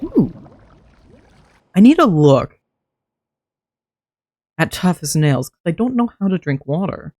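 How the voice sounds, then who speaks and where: Chatty higher-voiced male streamer. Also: big pitch swings, slow pace, pauses often, darkish tone, dry recording, clean studio sound. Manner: chatty, thinks aloud, self-talk. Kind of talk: casual gameplay commentary.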